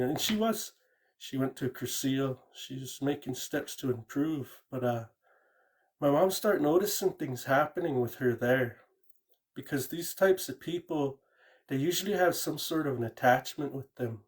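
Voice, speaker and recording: A man calling in to tell a true ghost story in a rambling, casual way, often repeating words and saying "you know". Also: mid-range voice. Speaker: caller sharing a ghost story.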